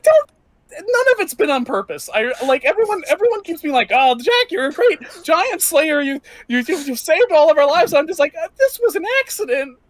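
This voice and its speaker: DM doing a nervous young guy, twenties, pitched up, stammers and rambles nonstop, swings all over. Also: very animated, moderate pace, no room sound. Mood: anxious. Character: nervous young man in his twenties, bumbling.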